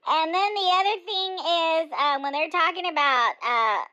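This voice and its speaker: Someone playing gorda, a high-voiced chatty older woman. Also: measured pace, pushed and bright, muffled recording, exaggerated voice. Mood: opinionated. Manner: chatty, digressive, many fillers. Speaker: comedic character monologue. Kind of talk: rambling opinion monologue.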